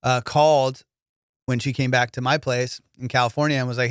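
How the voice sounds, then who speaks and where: A man's voice: medium pitch, flat delivery, a little fast, clear, resonant tone, no echo, studio quality. A man hosting a comedy podcast, telling casual stories in a loose, profane way, full of fillers and dude. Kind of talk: casual storytelling chat.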